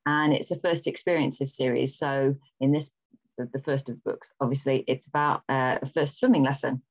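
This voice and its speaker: A British woman author being interviewed over a video call, expressive and laughing often. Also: rumbling low, moderate pace. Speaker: author guest.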